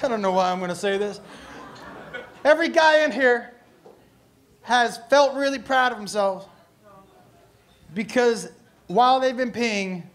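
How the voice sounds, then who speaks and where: A middle-aged man doing loud, profane, animated stand-up comedy in a comedy club, speaking into a handheld mic. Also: very high voice, a little slow, long pauses. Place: comedy club stage before a live audience.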